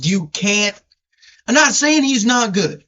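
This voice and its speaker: Brash Southern man, high voice. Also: animated, sharp tone. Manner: brash, teasing, drawn-out emphasis. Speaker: podcast co-host. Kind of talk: casual sports chat. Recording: dull lo-fi audio.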